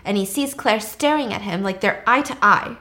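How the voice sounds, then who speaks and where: A woman's voice: mid-range voice, moderate pace. A woman casually retelling a film plot, animatedly acting out the characters' lines. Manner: animated, acts out characters' lines in quoted voices. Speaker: storyteller recapping a film.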